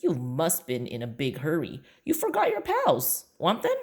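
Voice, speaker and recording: Storybook mom, calm and wry, teasing her son, read by a woman, deep-set voice with lively turns. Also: moderate pace, exaggerated voice. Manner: dry, gently teasing. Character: calm teasing mother, middle-aged. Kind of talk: children's book read aloud.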